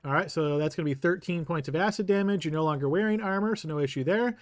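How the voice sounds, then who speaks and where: A man's voice: fairly high pitch, fast, no echo. A man running a tabletop game as game master, patiently explaining rules and thinking aloud.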